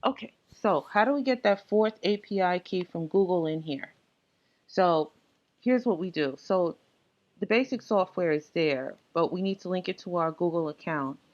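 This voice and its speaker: The speaker is a woman presenting a casual tech tutorial over a screen recording, her voice a bit low. She explains the setup steps in a relaxed, unrehearsed way, pausing on ums and uhs as she navigates, and the sound is muffled and lo-fi.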